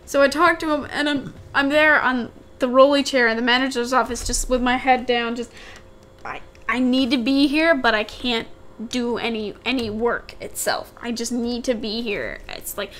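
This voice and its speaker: High-pitched young woman on a podcast, rambling story, repeats herself a lot, acts out quotes. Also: normal speed, a bit bright, slight background noise. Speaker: podcast co-host. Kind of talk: casual storytelling chat.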